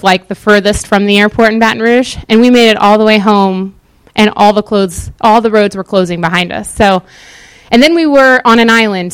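A woman's voice: medium pitch, smooth, dry recording. Chatty woman giving a casual Bible talk. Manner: chatty, animated, lots of fillers. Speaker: Bible teacher. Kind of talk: casual sermon-style Bible teaching.

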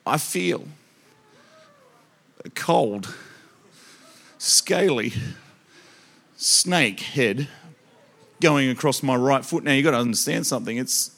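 Bright, lively Australian man preaching. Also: mid-range voice, slow pace, creaky, pauses often. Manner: animated, joking, talks straight to the crowd. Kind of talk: sermon with comic storytelling.

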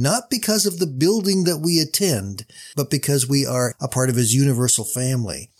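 A man preaching a sermon, earnest and slow on key words. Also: mid-range voice. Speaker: pastor.

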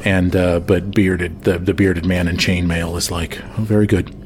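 A man's voice: deep voice, flat delivery, a little slow, a little hiss or hum. A man narrating a tabletop game as game master, rambling with many fillers.

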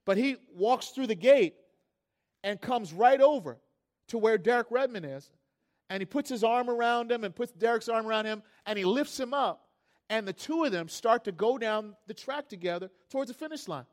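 A man preaching a sermon, telling a story that swells from soft reflection to loud, fervent peaks. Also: extremely high pitch, normal speed. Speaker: pastor.

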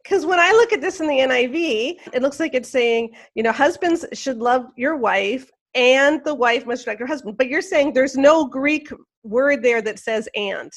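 A woman's voice: sits high, lively intonation, moderate pace. A woman interviewer who asks clarifying questions and restates points in plain terms.

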